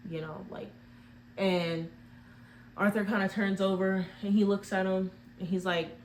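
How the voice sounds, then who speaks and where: A woman's voice: medium pitch, steady tone, moderate pace, slight background noise. Rambling chatty woman retelling a movie. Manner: rambling, heavy use of "like" fillers.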